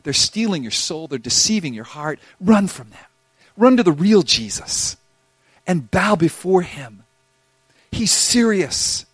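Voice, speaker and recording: A man preaching a sermon as pastor, urging his hearers loudly and then dropping to hushed, intense appeals. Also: sits high, no echo. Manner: impassioned, swings between loud urging and hushed intensity.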